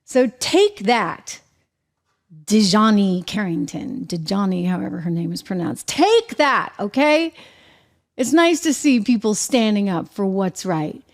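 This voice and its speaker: A woman's voice: mid-range voice, animated, measured pace. A woman hosting her own show, delivering emphatic, indignant commentary and repeating her points. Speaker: show host. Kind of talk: opinionated commentary.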